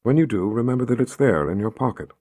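A man reading aloud, voicing a gentle, soothing motherly woman who speaks softly. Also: medium pitch, lively intonation, fast talker, dry recording, clean studio sound, natural voice.

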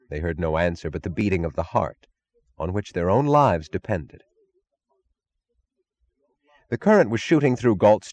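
A man narrating an audiobook in an expressive, dramatic reading. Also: deep voice, no room sound.

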